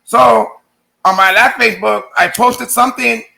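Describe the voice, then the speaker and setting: This man's voice is extremely high, gravelly, and sharp, with a steady tone and an unhurried pace. He casually tells his viewers a long personal story, rambling and swearing while acting out what others said to him.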